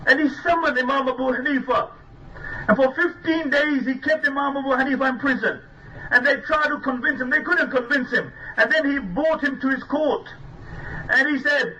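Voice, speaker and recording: A man's voice: extremely high pitch, normal speed, sharp tone, distant mic, a little hiss or hum, poor audio. A man preaching a sermon as a story, earnest and emphatic, using Arabic religious terms. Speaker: Islamic preacher.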